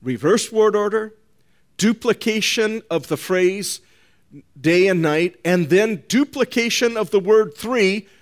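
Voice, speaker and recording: Slow, emphatic male preacher. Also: high-pitched, expressive. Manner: emphatic, deliberate preaching with repeated phrases; addresses listeners as folks. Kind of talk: sermon.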